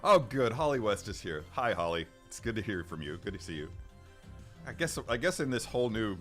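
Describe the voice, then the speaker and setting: Deep-voiced rambling middle-aged man. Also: big pitch swings, fairly quick, a bit bright. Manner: rambling, many restarts and chuckles. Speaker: livestream host. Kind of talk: casual chat with live chat. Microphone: studio microphone. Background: faint background music.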